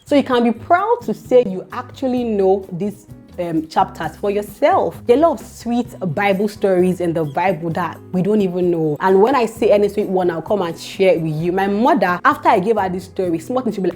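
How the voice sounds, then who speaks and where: Animated woman retelling a Bible story. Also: mid-range voice, moderate pace, soft background music. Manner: animated, exclaiming, preacherly asides. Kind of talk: casual devotional teaching.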